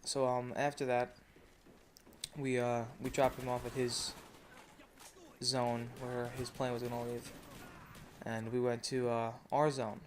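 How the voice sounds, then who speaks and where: A young man tells his viewers a travel story in a loose, rambling way, swearing freely and filling pauses with fillers. His voice is mid-pitched and stays fairly flat. A faint noise sits under the recording. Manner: profane, rambling, frequent fillers. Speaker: vlogger. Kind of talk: casual storytelling rant.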